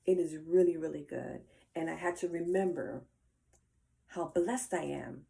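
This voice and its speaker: An older woman talking earnestly and emotionally to her viewers in a personal reflective monologue, with many fillers and soft trailing asides. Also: sits low, measured pace, gravelly. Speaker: vlogger.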